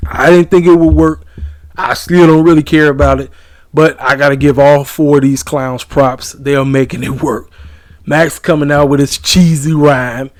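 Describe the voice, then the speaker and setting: A man's voice: a little high, steady tone, moderate pace, dry recording. A man hosting his own wrestling review channel, ranting in a blunt, emphatic, casual way.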